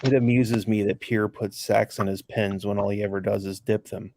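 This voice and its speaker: A man's voice: fairly low pitch, level tone, normal speed, a little mellow, a little hiss or hum. A man from Ohio with a general American accent, chatting casually in a matter-of-fact, dry way. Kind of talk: casual chat.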